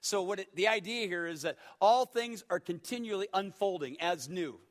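A middle-aged male pastor preaching a sermon, emphatic, swinging from hushed tones to shouts. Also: sits high, moderate pace.

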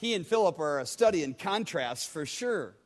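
Male pastor, sermon, high voice, conversational, repeats words, questions to listeners. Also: lively intonation, moderate pace.

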